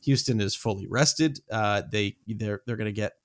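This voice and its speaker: A man's voice: moderate pace, no room sound, studio quality. A man co-hosting a baseball podcast, talking casually and hesitantly, often repeating himself. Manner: hesitant, repeats himself, lively swings in pitch. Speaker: podcast co-host. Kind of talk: casual sports chat.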